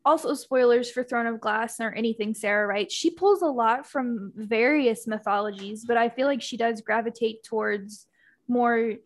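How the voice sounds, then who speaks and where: A young woman with a slightly high voice, co-hosting a relaxed podcast chat. She talks thoughtfully and keeps pausing mid-sentence to hunt for the right word. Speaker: podcast co-host. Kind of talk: casual chat.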